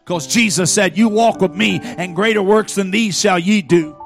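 A male pastor preaching a sermon, swinging from quiet, hushed passages to fervent shouting, punctuating phrases with a rhythmic "uh". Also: sits high, normal speed, creaky. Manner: speaks in tongues. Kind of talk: Pentecostal sermon. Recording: faint music behind.

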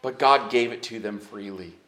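A man preaching a sermon as pastor, moving between quiet earnest stretches and high, emphatic rises. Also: moderate pace. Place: church sanctuary. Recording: echoey church hall.

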